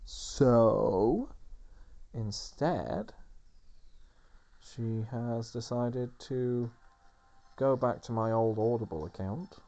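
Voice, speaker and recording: Slow, mellow-voiced man rambling over gameplay. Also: medium pitch, gravelly. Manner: rambling, filler-heavy chatter. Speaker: let's play host. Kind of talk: casual gameplay commentary.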